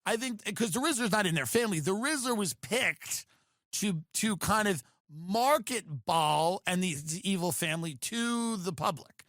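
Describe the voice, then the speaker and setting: A man's voice: high-pitched, expressive, moderate pace, fairly bright tone, no echo, clean studio sound. A man hosting a podcast, delivering a comedic monologue in a sardonic, ranting way with mocking asides. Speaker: podcast host.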